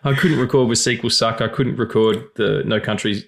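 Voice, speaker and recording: A man hosting a podcast in casual, crude, jokey banter, his voice still slightly gravelly after losing it. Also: mid-range voice, fairly quick. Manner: animated, crude, jokey, with restarts. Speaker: podcast host.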